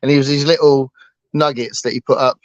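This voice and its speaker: A man's voice: mid-range voice, fairly even intonation, brisk, no room sound. Rambling man, casual book chat co-host, fillers galore, dull dry recording. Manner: rambling, with many fillers and restarts. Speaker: booktuber co-host.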